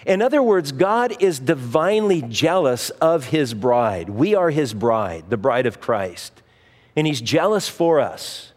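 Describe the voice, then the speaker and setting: A pastor delivers a sermon in a relaxed, conversational manner. His voice sits in a middle range, and his words trail into the long reverb of a large hall. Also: medium pitch, measured pace. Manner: conversational preaching with personal anecdotes and restarts.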